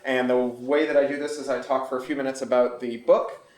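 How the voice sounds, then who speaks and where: Fast-talking author in echoey room. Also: male voice, medium pitch, little pitch movement, a little mellow. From Canada. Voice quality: fast, articulate, explanatory. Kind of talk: book talk at a bookstore event. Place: bookstore event room. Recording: echoey room recorded from far off.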